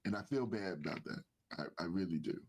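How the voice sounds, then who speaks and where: A man's voice: low voice, expressive, quick pace, a little hiss or hum. A man co-hosting a casual sports talk show, talking with a nasal voice, repeating himself and using lots of fillers. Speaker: podcast co-host.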